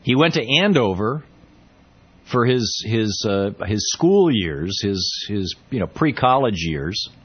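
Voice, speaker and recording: A man's voice: on the low side, big pitch swings, slow, slightly rough, lo-fi sound. A man hosting a radio talk show, chatting casually and wryly with lots of fillers and asides. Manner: chatty, wry, rambling with many fillers.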